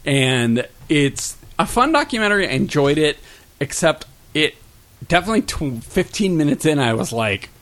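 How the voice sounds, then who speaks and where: A man's voice: on the high side, big pitch swings, moderate pace, fairly bright tone. Rambling man chatting about pop culture. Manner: rambling, filler-heavy, frequent "like" and "um". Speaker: podcast co-host. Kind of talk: casual pop-culture chat.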